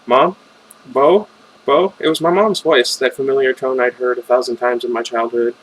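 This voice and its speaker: A man's voice: mid-range voice, brisk, low-quality recording. Amateur male reader narrating a fan novel in first person; informal, with stumbles and off-script asides. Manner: stumbles and makes chatty side comments. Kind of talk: reading a fan novel aloud with casual asides.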